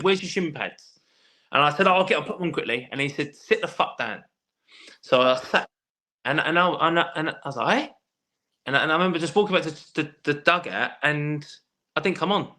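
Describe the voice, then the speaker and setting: Male guest, rapid animated storyteller, bright forceful tone, swears a lot. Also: medium pitch. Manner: animated storyteller, swears freely, many restarts. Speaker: guest, former footballer. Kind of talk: casual podcast chat.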